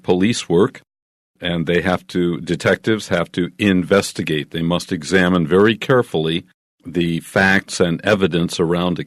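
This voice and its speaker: A man teaching English in a measured, explanatory way, walking through each answer with small examples. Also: low voice, dry recording, clean studio sound.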